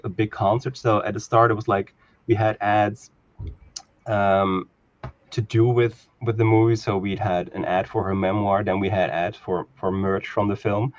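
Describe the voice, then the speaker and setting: A man with a fairly low voice tells a long, rambling story in relaxed casual chat, laughing often as he goes. The sound is muffled and lo-fi, like a video call.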